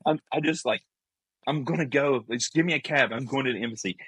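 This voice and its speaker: Guy with a husky voice telling a wild story on a podcast, dry close sound. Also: mid-range voice, a little fast, no echo, low-quality recording. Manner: animated storyteller, acts out voices in quotes. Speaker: podcast guest. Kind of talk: casual storytelling.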